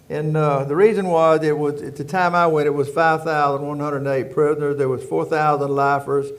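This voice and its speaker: An older man from Louisiana with a rural Southern accent, telling stories as an interview guest in a folksy, rambling way, often circling back with "anyway.". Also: on the high side. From Louisiana, United States. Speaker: guest, former prison warden. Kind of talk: storytelling interview.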